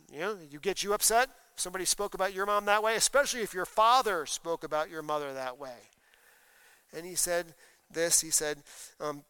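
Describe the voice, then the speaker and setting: A man's voice: a little high, normal speed, sharp tone, clear, resonant tone, dry recording. A man preaching a sermon, explaining scripture and reading passages aloud with emphasis. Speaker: pastor.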